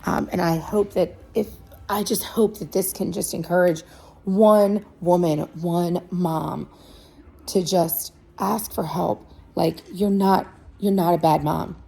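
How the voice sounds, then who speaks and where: Young mom vlogger, woman, dark husky voice, emotional and pleading, repeats for emphasis. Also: lowish voice, fairly even intonation, slow pace. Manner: earnest, pleading, repeats herself. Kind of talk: heartfelt direct-to-camera vlog.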